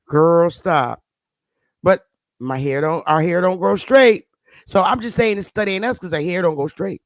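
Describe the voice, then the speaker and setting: A woman's voice: fairly low pitch, animated, fairly quick, no room sound. A woman hosting her channel, giving blunt, sarcastic casual commentary on pictures and scolding her viewers. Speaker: channel host.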